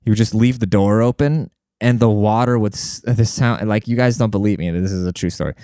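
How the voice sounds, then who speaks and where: A young man telling a long story to his viewers in a casual, profane, animated way, talking to them like a buddy. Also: lowish voice, brisk, smooth, no room sound, clean studio sound. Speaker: vlogger.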